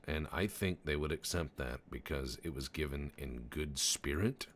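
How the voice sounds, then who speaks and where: A young man talks over his gameplay in a very low, gravelly voice. He jokes, swears and wanders off into stories. A faint hiss sits behind him. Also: measured pace, few pauses, a bit bright. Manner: joking, profane, rambling storyteller. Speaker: gameplay commentator. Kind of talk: casual let's-play commentary.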